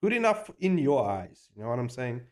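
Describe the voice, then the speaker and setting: Speaking briskly at a medium pitch, an animator streams his work and chats casually. He's excitable and self-hyping, drops swear words freely, and rambles, often restarting and using slang.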